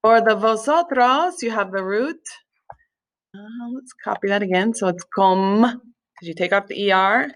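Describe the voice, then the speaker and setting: A woman's voice: medium pitch, normal speed. A woman teaching a recorded language lesson, explaining step by step with patience, small slips and fillers. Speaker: Spanish teacher. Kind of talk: recorded screen-share lesson.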